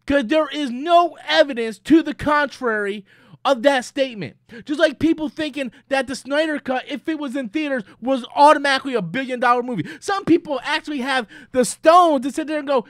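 A man's voice: extremely high pitch, expressive, fairly quick, a bit bright, no echo, studio quality. A man hosting his own channel, ranting in a heated, profane way and tagging his points with "right?". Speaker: channel host. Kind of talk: profane opinion rant.

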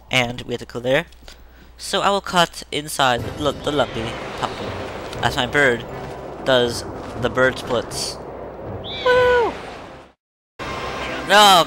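A man's voice: a little high, rough recording. A man hosting a let's play, joking and rambling casually over gameplay into a desk microphone.

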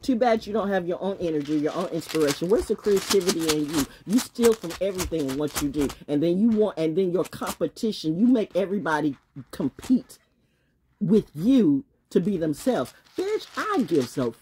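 A woman vlogging in a casual livestream monologue, blunt and swearing, laughing often and swinging from loud shouting to low muttering. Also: big pitch swings, normal speed, slight background noise. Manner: blunt, swears, trash-talking.

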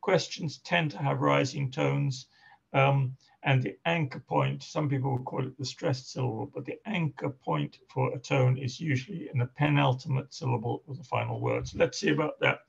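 A man's voice: mid-range voice, normal speed, vocal fry, slightly rough, muffled recording. A man giving an academic seminar talk as a linguistics lecturer, speaking hesitantly with many fillers and restarts.

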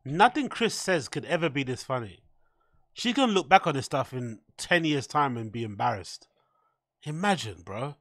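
A man's voice: medium pitch, animated, moderate pace, fairly bright tone, no echo, clean studio sound. A man giving casual, slangy reaction commentary, laughing and sounding incredulous at what he watches. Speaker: streamer reacting to clips.

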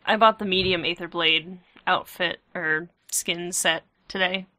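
A woman's voice: on the low side, fairly even intonation, measured pace, sharp tone. A woman hosting a casual gaming podcast, chatty and a little self-deprecating. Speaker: podcast host.

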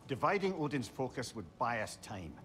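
An actor playing a wise old male talking head, gruff and folksy, in a game. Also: mid-range voice, sing-song, a little fast, a bit bright, a little hiss or hum. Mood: advising. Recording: game audio over music.

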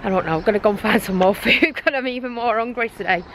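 A woman's voice: fairly high pitch, fast. A woman with a Manchester accent chatting casually to the camera in a vlog, rambling and laughing often. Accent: Mancunian. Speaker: vlogger. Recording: loud background noise.

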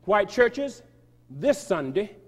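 Male pastor, high voice, emphatic sermon delivery, long church-hall reverb. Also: sing-song, slow pace, slightly rough. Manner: emphatic, sweeping shifts of loudness and pace. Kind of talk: sermon reading a quoted article aloud. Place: church sanctuary.

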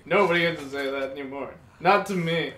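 A man co-hosting a casual gaming podcast, chiming in with teasing banter and quick reactions. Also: on the high side, reverberant. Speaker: co-host. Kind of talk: casual podcast chat over gameplay.

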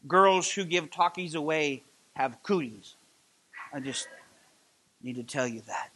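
A middle-aged man preaching a sermon as pastor of a church, impassioned and building to loud emphatic peaks. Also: a little high, lively intonation, unhurried. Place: church sanctuary.

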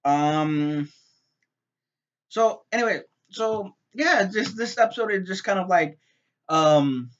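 Brief: a man with a slightly high voice, casual TV-recap vlogger, halting and filler-heavy, recorded on a dull lo-fi mic. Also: expressive. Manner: rambling, halting, many fillers and repeated words; loose and profane. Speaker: TV episode reviewer. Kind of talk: casual spoken review.

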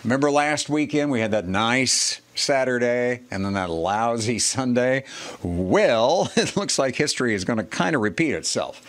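Needs a folksy, chatty man of medium pitch, casual local weather host. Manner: chatty, folksy, reads ads conversationally.

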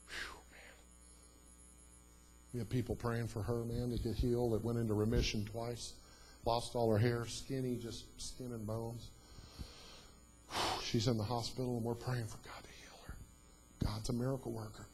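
A man preaching a sermon in a church, telling a story that swings from hushed, quiet lines to loud, emphatic preaching. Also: mid-range voice, poor audio.

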